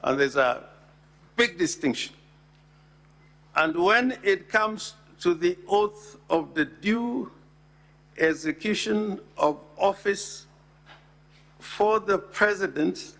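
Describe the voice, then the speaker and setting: Slow, gravelly man pleading formally. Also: high-pitched, animated, a bit bright. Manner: deliberate, emphatic, reads legal text aloud. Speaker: counsel addressing the Senate. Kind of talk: formal legal address. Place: Senate chamber.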